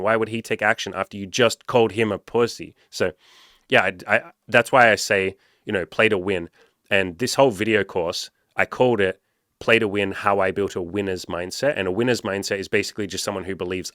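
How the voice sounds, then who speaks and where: A young podcast host and dating coach with a fairly low, slightly bright voice riffs casually through an article, swearing freely and hammering his points. He talks a little fast and keeps putting on voices for little acted-out pep talks when quoting himself. The recording is close and dry with no room sound.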